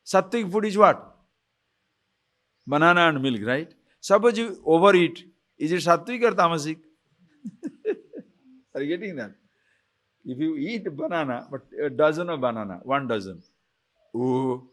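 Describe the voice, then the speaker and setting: A man giving a spiritual lecture on scripture, who keeps asking his listeners rhetorical questions, chuckles often and slowly chants Sanskrit phrases. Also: a little high, expressive, a bit bright. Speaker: spiritual teacher.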